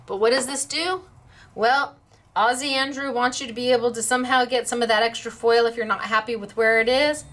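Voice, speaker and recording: A woman's voice: on the high side, fairly bright tone, a little hiss or hum. A woman hosting a casual craft demonstration, chatty and upbeat, laughing easily as she works. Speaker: craft shop host.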